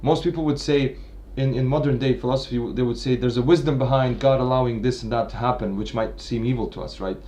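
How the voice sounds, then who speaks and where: A man thinking aloud through a literary analysis at a medium pitch. He keeps restarting his phrases and checks in with a steady "right?" after each point. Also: fast talker, few pauses. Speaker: literature commentator. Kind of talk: unscripted analytical lecture.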